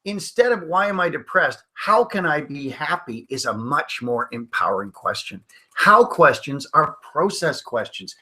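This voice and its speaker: A man's voice: mid-range voice, sing-song, measured pace, sharp tone. A middle-aged man teaching hypnosis in a webinar, telling stories and acting out the voices of the people he quotes. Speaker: hypnosis trainer.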